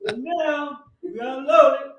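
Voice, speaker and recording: A middle-aged man, a guest, telling casual anecdotes in an animated, fast-running way. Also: very high-pitched, recorded from a distance. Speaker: guest, riding club family member. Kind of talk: casual storytelling. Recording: roomy, off-mic.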